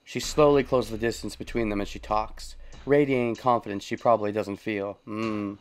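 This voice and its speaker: A man's voice: lowish voice, fairly even intonation, moderate pace, clean tone. Chuckling man commenting on a game. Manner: thinks aloud, chuckles often. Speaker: let's play host.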